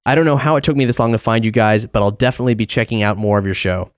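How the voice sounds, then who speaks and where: A man's voice: fairly low pitch, rapid-fire. A man hosting a podcast, casually and upbeatly reading out supporter news, names and messages. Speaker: podcast host.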